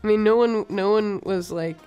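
A woman chatting casually as co-host, animated and full of filler words. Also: medium pitch, lo-fi sound, faint music behind. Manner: animated, filler-heavy, quick asides. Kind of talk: casual chat.

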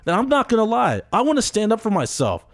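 A man in casual chat, telling a story in an animated and profane way. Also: high voice, fast talker.

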